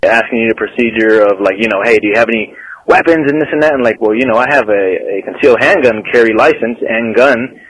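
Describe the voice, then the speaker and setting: A man's voice: lowish voice, fast, husky, no echo, rough recording. A man earnestly recounting a run-in on a podcast, matter-of-fact and casual. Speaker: guest telling a story. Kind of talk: casual storytelling.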